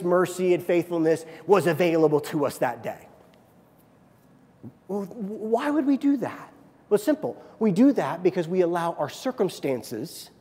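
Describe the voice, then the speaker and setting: High-voiced preaching man in a hall. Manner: dynamic preaching, swinging between hushed and emphatic. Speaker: pastor. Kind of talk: sermon. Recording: reverberant hall.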